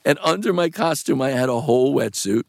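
A man's voice: medium pitch, expressive, brisk, vocal fry, darkish tone, dry recording, clean studio sound. A man, an actor being interviewed, telling a long rambling story with swearing and frequent laughter. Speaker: actor guest.

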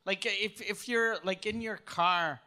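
A man's voice: sits high, steady tone, pushed and bright. A man chatting casually, chiming in with jokes and questions. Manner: quick joking interjections, laughs often. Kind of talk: casual chat.

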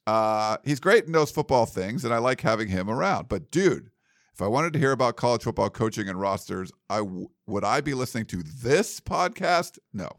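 A man's voice: medium pitch, animated, moderate pace, dry recording, clean studio sound. A man co-hosting a podcast in casual chat, rambling and laughing easily. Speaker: podcast co-host.

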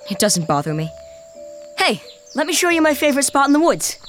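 A woman voicing a quiet, eager young boy. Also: high voice, sing-song, brisk, faint music behind.

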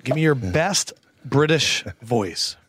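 A man hosting a casual football talk show, telling stories in a joking, animated way. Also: mid-range voice, takes it slowly, slightly rough. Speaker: podcast host. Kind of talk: casual sports chat.

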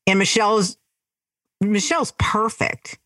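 A woman's voice: mid-range voice, measured pace, no echo. A middle-aged woman, a mother, chatting casually on a podcast with her adult son, gushing and talkative. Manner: chatty, warm-hearted and gushing. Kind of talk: casual chat.

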